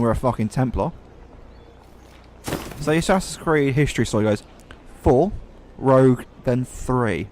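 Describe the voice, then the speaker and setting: A man's voice: mid-range voice, a little hiss or hum. A man from Wales with a Welsh accent, giving casual, profane let's play commentary as he plays. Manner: profane, ranting. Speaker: gamer.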